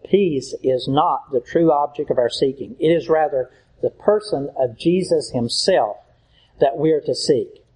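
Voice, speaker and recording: A man preaches with earnest conviction, pleading with his listeners and repeating his key points. His voice sits a little high and has a husky, breathy edge. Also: a little mellow, low-quality recording. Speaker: pastor. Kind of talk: sermon.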